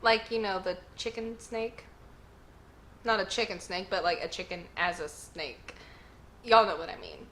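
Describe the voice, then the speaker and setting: A woman hosting a casual manga read-along, chatty and excitable, reacting to each chapter. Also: mid-range voice, measured pace, a little hiss or hum. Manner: chatty and excitable, lots of "like" and "y'all".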